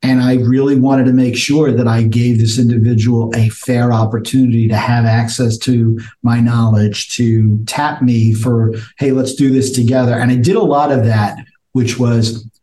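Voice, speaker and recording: A man's voice: mid-range voice, level tone, unhurried, dark tone. An older man, co-hosting a coaching chat, reflective and restarting his sentences. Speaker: co-host. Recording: echoey room.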